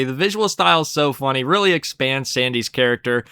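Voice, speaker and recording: A young man with a bright, forward voice talks through a cartoon ranking in a loose, rambling way, swearing freely and laughing at the jokes he recalls. The sound is dry and close, with no room around it. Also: mid-range voice, brisk, hardly any pauses, clear, resonant tone, no room sound. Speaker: episode reviewer. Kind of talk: casual ranking commentary.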